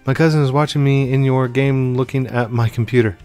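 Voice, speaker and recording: A young man hosting a gaming channel, giving chatty, excitable gameplay commentary with frequent exclamations. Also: medium pitch, fast talker, faint music behind.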